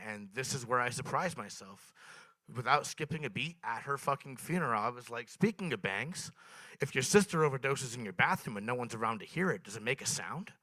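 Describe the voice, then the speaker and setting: Young male stand-up comic, bright forceful voice, dry close sound, dark deadpan storytelling. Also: mid-range voice, a little fast, dry recording. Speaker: stand-up comedian. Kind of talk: stand-up comedy set. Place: small open mic venue.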